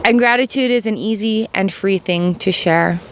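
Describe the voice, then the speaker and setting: A woman's voice: medium pitch, normal speed, a little hiss or hum. A middle-aged woman talking earnestly and upbeat in a casual gratitude vlog, recorded outdoors in her yard. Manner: earnest, upbeat, repeats phrases for emphasis. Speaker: vlogger.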